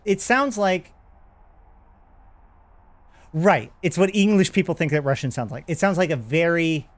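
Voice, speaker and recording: Male streamer, casual rambling host, gravelly and slightly high. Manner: rambling, chatty, talks to chat. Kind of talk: casual live-stream chat.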